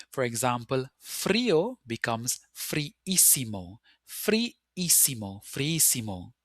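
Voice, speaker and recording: A man teaching a recorded Spanish grammar lesson, explaining patiently step by step and slowing down to spell out the example words. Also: mid-range voice, dry recording, studio quality. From Caribbean.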